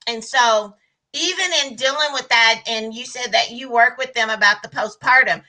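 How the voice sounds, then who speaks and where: A woman's voice: a little high, moderate pace, pushed and bright, rough recording. A woman hosting an interview, asking long, winding questions. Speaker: host.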